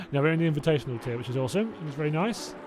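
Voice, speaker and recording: A man's voice: on the high side, lively intonation, fast talker, background noise. Chatty man hosting a race watch-along. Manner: chatty, laughs often, reacts aloud to crashes. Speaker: streamer hosting a sim racing watch-along. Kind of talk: casual live-stream chat.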